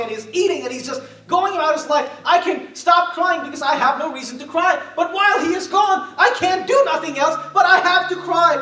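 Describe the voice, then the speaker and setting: A woman's voice: sits high, pushed and bright, reverberant, far from the mic, pitched above the performer's own voice, rough recording. A man preacher voicing a widowed mother who pleads in grief over her dead son. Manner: pleading, tearful questioning.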